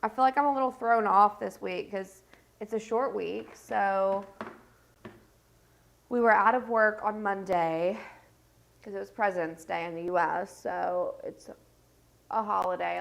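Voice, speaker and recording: Congested woman, slow gravelly chat. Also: mid-range voice. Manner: rambling, filler-heavy, talks while doing makeup. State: congested, stuffed-up and scratchy voice. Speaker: makeup livestream host. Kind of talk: casual get-ready-with-me chat. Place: home set.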